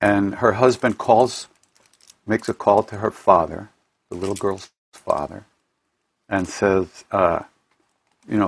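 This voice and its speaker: This man's voice is fairly low, steady and slightly rough, with vocal fry, a slow pace and long pauses. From home, through his computer mic, he hosts an online event and tells spiritual stories casually and ramblingly, often restarting sentences.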